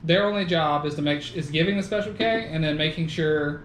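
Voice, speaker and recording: This podcast host speaks a little fast, with a voice on the high side and a fairly bright tone. He chats casually, laughs often and lets slip the odd swear word. The room is echoey, with faint background noise.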